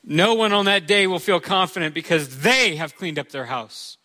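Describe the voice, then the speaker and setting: A man's voice: high voice, expressive, normal speed, bright, forceful tone. A male pastor preaching a sermon in a conversational way, with touches of humor.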